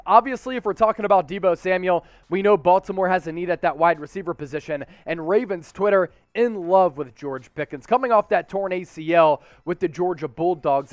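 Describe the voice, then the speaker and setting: A man's voice: high-pitched, no room sound. A man hosting a sports analysis show, talking with energy, slang and the odd sarcastic aside.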